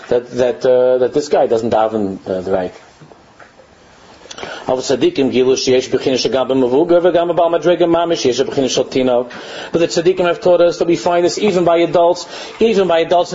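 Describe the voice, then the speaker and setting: A man giving a religious lecture, reading lines of a text and translating them, animated and often mimicking mocking children with repeated phrases. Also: on the high side, highs cut off. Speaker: Torah teacher.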